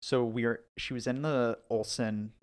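A young man and podcast co-host telling animated stories, full of "like", into a podcast microphone. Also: medium pitch, moderate pace. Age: young adult. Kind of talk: casual storytelling.

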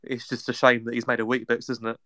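A man chatting as co-host on a football podcast, his voice smooth and clear. He is recorded close and dry, and he throws in dry, joking asides. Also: mid-range voice, monotone, quick pace, fairly bright tone, no echo. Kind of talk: casual chat.

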